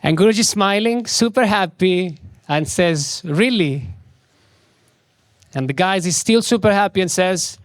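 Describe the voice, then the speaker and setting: A man with a somewhat high voice gives a spiritual talk, pacing his words slowly and leaning on repeated phrases for emphasis. The sound is dry and close, with little room around it. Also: dry recording. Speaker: swami giving a spiritual talk.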